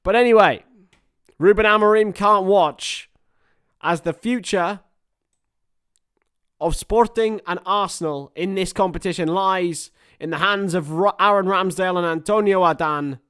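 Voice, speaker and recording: A young man hosts a live football watchalong from home, excitable, joking and swearing. His voice sits fairly high for a man, and he reads out viewer chat between bursts of commentary, a little worn after hours live. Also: unhurried, clear, resonant tone. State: tired after a long stream. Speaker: livestream host commentating a football match.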